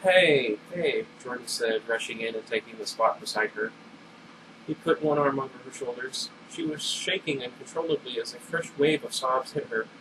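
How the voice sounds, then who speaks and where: A man's voice: medium pitch, normal speed, far from the mic. Brief: male amateur reader narrating a novel, casual, self-correcting, mic set back, constant air-conditioner hum. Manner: animated voices, stumbles and corrects himself aloud. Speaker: narrator reading a novel aloud. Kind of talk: casual read-aloud storytelling.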